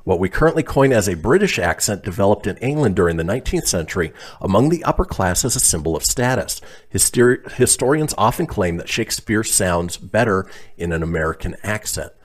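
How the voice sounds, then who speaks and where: A man with a low voice hosts a casual comedy radio show. He reads listener posts aloud with a lively, swooping delivery and chuckles along the way. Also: a little fast, hardly any pauses. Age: adult, calls himself officially old.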